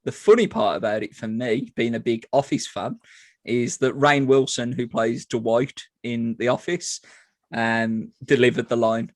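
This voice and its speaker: A man at a middling pitch co-hosts a casual podcast. He rambles through his stories with plenty of hesitations and teases the others. The sound is dry and close. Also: steady tone, measured pace, no room sound. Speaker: podcast co-host. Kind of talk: casual chat.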